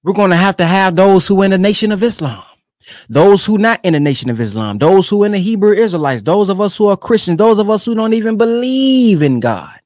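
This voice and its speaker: A young man giving emphatic, animated commentary on a sermon clip he is reacting to. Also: high voice, brisk, dry recording, clean studio sound. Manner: animated and emphatic, keeps urging "come on, man". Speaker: online commentator.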